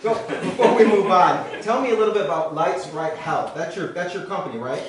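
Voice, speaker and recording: A man's voice: high voice, expressive, a little fast, crowd noise. A man hosting a casual cooking talk show from his home kitchen, upbeat and chatty with lots of fillers. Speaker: host. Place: home kitchen with live audience. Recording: echoey room, mic far off.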